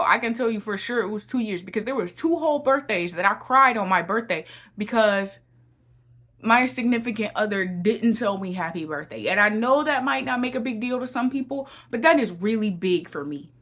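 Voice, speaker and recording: A young woman with a high, animated, fairly bright voice speaks at normal speed as a Christian encouragement vlogger. She shares a heartfelt testimony, repeats phrases often, and calls viewers y'all.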